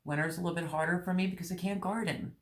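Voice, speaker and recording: A middle-aged woman hosting a gardening channel, chatting candidly and emotionally with her viewers, rambling with many pauses. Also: fairly low pitch, fairly even intonation. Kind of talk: personal vlog chat with live viewers.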